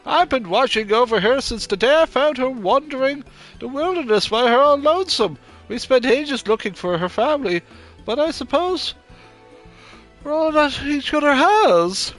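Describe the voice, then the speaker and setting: A man's voice: very high voice, animated, moderate pace, fairly bright tone, soft background music. A man voicing an old, grey-haired male showman, reading game dialogue aloud in a raised put-on old-man voice. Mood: proud.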